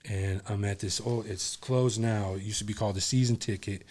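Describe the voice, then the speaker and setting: Low-voiced man telling a candid story. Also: steady tone, fairly quick, darkish tone. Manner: candid, rambling, heavy on fillers. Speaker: podcast guest.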